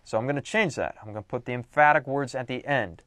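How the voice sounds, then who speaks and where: A man's voice: medium pitch, fast talker, few pauses, a bit bright, dry recording, studio quality. A young adult man giving a recorded lecture on writing, teaching with emphatic, playful exaggeration.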